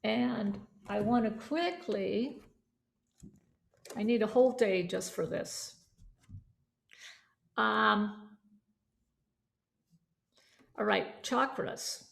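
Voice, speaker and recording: A woman teaching a vocal yoga certification class, chatty and animated, breaking off to demonstrate voices and resonance. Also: medium pitch, very slow, creaky, long pauses.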